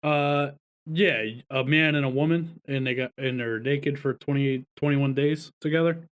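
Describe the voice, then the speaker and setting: A man's voice: medium pitch, steady tone, normal speed, clean tone. A man hosting a podcast, blunt and teasing in casual chat. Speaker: podcast host.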